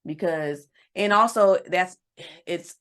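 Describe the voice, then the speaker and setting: A woman co-hosting a relationship podcast in casual chat, acting out quoted lines in a higher voice. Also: slow, clear, resonant tone. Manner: animated, acts out quotes in a higher voice. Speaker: podcast co-host.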